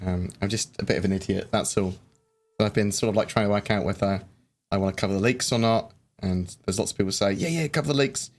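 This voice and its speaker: A man's voice: low voice, flat delivery, fast. A man hosting a casual live chat, rambling and hesitant, with lots of fillers and restarts. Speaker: livestream host. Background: faint background music.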